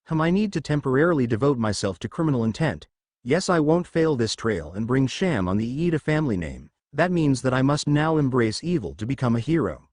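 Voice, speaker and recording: A man's voice: mid-range voice, big pitch swings, brisk, a little mellow, no echo, clean studio sound. A man voicing an earnest young male student hamming it up as a gloating cartoon villain with theatrical gasps.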